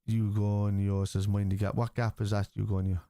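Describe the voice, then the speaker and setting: A man's voice: fairly low pitch, level tone, a little fast, mellow, dry recording. Blunt Irish man arguing with chat. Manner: argumentative, blunt, swears casually. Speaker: host. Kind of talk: livestream football watchalong, arguing with chat.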